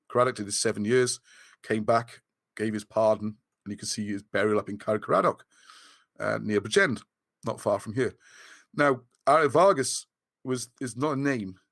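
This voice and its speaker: A man's voice: medium pitch, no room sound, studio quality. A man giving a casual, rambling livestream talk to his viewers. He restarts his sentences often and says he is losing his voice. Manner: rambling, excitable, many restarts. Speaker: host of a live video chat.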